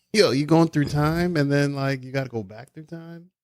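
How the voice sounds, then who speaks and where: A man's voice: a little high, measured pace, no echo, studio quality. A man in casual podcast chat, teasing and profane in a brash way. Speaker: podcast guest.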